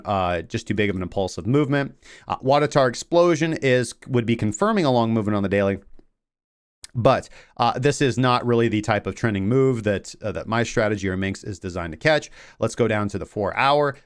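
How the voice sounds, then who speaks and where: A man hosting a crypto trading show in a loose, chatty way, leaning on fillers as he walks through his charts. His voice is smooth and resonant and sits at an ordinary middle pitch. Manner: rambling, filler-heavy talk. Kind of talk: casual market commentary.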